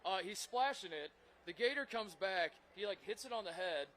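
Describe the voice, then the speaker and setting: High bright guy from up north, animated storyteller laughing a lot, faint bar noise behind. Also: moderate pace. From northern United States. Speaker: co-host. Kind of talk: casual chat. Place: crowded bar.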